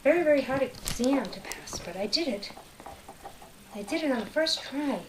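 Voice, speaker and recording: A woman's voice: high voice, expressive, normal speed, background noise, pitched below the performer's own voice. Woman voicing a proud little cat pilot. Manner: chatty and proud. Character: proud, polite young female cat pilot.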